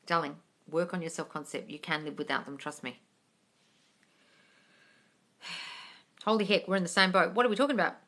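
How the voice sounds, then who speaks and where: Bright, blunt woman hosting a live stream. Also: lowish voice, moderate pace, long pauses. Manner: blunt and swears often, calls viewers darling; swings between soft coaxing and excited squeals. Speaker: live-stream host answering viewer questions. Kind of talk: casual live chat.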